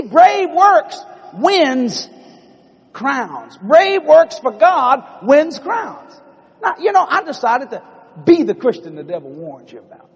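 Male preacher, high husky voice with lively swings, comic storytelling in a reverberant hall. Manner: animated, acts out bible characters in a Southern drawl. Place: large church hall before a congregation.

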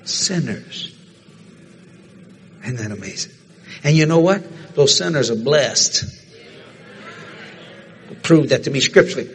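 A man preaching a sermon, telling a story in animated fashion and acting out the other people's lines. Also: medium pitch, slow, long pauses.

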